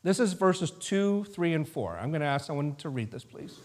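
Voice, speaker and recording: In a church sanctuary, a pastor with a fairly high voice and wide pitch swings walks through a Bible passage at a moderate pace. His sermon is relaxed and informal, marked by restarts and digressions.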